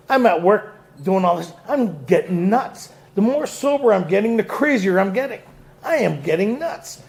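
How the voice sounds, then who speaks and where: A man's voice: high voice, vocal fry, darkish tone. A man speaking to a recovery group, telling his story with laughs and acted-out quotes.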